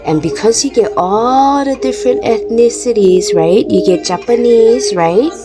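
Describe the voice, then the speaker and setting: A woman's voice: on the high side, a little slow, rough recording. A woman from Hawaii with a Hawaiian Pidgin accent, chatting casually to the camera, full of restarts and little laughs, with music playing behind. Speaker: vlogger. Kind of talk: casual explainer talk.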